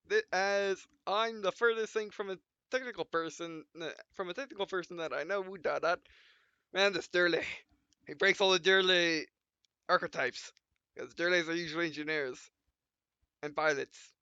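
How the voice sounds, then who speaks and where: Rambling, bright-voiced gamer man. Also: high-pitched, gravelly, clear, resonant tone, no echo. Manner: rambling, self-correcting, stumbling. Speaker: let's play host. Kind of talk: casual gameplay commentary. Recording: dull lo-fi dry recording.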